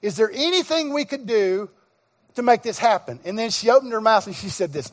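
A middle-aged male guest pastor preaching, telling a personal story with acted-out dialogue and sudden shouts. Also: high voice, fairly quick. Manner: animated storyteller, acts out dialogue, bursts into shouts. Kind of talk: sermon storytelling. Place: church sanctuary. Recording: long reverb of a church hall.

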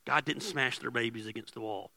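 A man preaching a casual, joking sermon as pastor, swinging from hushed asides to loud bursts. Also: medium pitch, fairly quick, no echo.

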